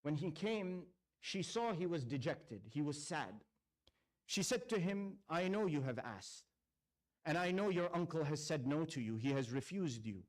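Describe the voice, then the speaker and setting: A man's voice: fairly high pitch, lively intonation. Solemn man narrating a sermon. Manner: solemn storytelling, voicing quoted speakers, drawn-out recitation. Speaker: speaker at a religious gathering.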